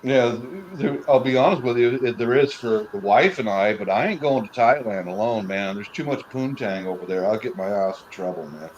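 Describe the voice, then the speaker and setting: A man guesting on a stream, gruff and quick with a crude joke. His voice sits fairly low for a man. A faint hiss of background noise runs under his talk. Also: darkish tone, lo-fi sound. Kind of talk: casual chat.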